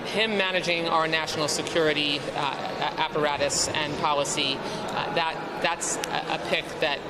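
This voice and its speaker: A woman politician answering interview questions in a measured, halting, formal way. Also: low-pitched, steady tone. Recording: noisy outdoor street audio.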